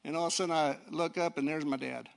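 A middle-aged male preacher giving a folksy sermon, swinging from low talk to fiery shouting. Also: steady tone, quick pace, gravelly. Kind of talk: sermon with personal story.

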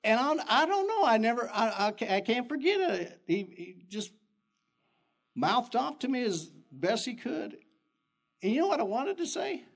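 An older man who is a pastor, giving an animated sermon full of personal stories that jump in pitch. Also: normal speed, gravelly. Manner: animated storytelling with sudden pitch jumps and chuckles.

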